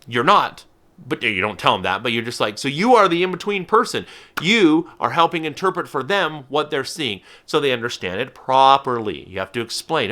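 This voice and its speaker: A man giving a teaching talk to camera as a falconer, his voice bright and ringing and his pitch sitting a little high. He is animated, stops and restarts often, and now and then slips into playful silly voices. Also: moderate pace.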